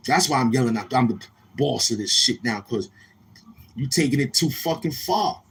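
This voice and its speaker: A man's voice: mid-range voice, moderate pace, a little hiss or hum. Loose, streetwise male livestream host. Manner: loose, streetwise, goes from laid-back to loud and animated. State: a little tired. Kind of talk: casual livestream talk. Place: outdoors near a street, car noise heard.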